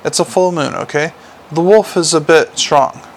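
A man's voice: fairly high pitch, moderate pace, a little hiss or hum, lightly acted, poor audio. A man voicing a blunt, defensive young werewolf policewoman, clipped in manner.

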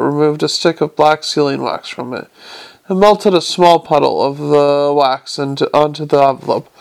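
Male narrator, gravelly, a little high, even and unhurried. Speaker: audiobook reader. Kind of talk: audiobook narration.

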